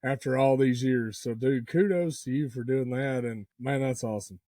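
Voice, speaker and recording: A man co-hosting a podcast responds in a relaxed, easygoing, encouraging way. His voice sits at an ordinary pitch, and the recording is close and dry with no room sound. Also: moderate pace, dry recording. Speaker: podcast co-host. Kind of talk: casual chat.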